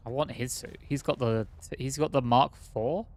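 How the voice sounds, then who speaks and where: A man's voice: medium pitch, moderate pace, darkish tone. A man streaming a video game, thinking aloud and rambling in casual commentary with many fillers.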